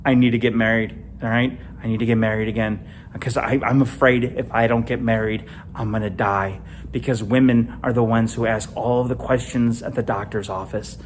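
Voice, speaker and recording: With slight background noise, a middle-aged man from Illinois does stand-up to an empty club. He speaks at a moderate pace, animated and punchy, with large jumps in pitch.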